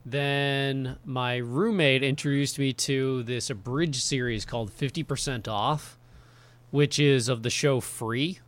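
A man's voice: medium pitch, steady tone, takes it slowly, a bit bright. A man co-hosting a podcast in casual chat, rambling with lots of fillers and frequent laughs. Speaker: podcast co-host.

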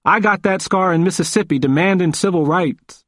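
A man voicing a fierce, hoarse old man in his seventies. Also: high-pitched, moderate pace, no echo, clean studio sound, voice pushed up. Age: 70s. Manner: forceful, emphatic, intense.

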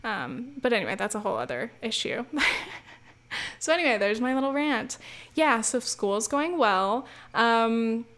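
A woman's voice: on the high side, sing-song, normal speed, a bit bright. A young American woman, a student, ranting casually to her listeners, chatty and full of fillers, restarts and swearing. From United States. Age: young adult. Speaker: student vlogger. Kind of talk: casual rant to camera.

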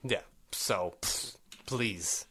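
A man's voice: fairly low pitch, extremely slow, pushed and bright, breathy edge. A man co-hosting a casual sports podcast, chatty and argumentative, reading quotes aloud with plenty of ums and restarts. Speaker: podcast co-host.

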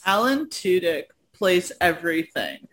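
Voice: mid-range voice, expressive, a little slow, fairly bright tone. A speaker in casual chat, enthusiastic, swearing casually and laughing often. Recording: faint background noise.

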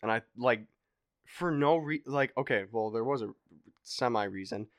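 A young man telling a story in a casual podcast chat, animated and swearing, acting out other people's voices. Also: medium pitch, normal speed, no echo, clean studio sound. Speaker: podcast guest.

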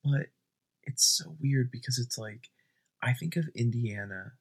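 A young man doing a deadpan comedy bit at home at night, rambling and often dropping to a whisper. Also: medium pitch, a little slow, vocal fry, breathy edge.

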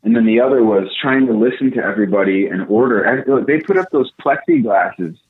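A young man telling a casual story, animated and profane, acting out what people said. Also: medium pitch, fairly quick. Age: young adult. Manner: animated, profane, acts out quotes. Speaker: podcast co-host. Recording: tinny phone-like line.

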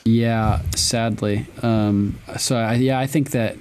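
A man's voice: mid-range voice, fairly even intonation, slow pace, darkish tone, clear, resonant tone. A man co-hosting a podcast, chatting casually in a loose, profane, rambling way with frequent restarts. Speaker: podcast co-host. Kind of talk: casual chat.

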